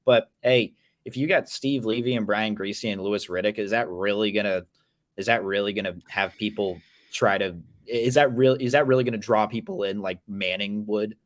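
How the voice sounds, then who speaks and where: A man's voice: lowish voice, steady tone, moderate pace, no room sound. A man co-hosting a casual sports talk show, often restarting his phrases and laughing easily. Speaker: podcast co-host.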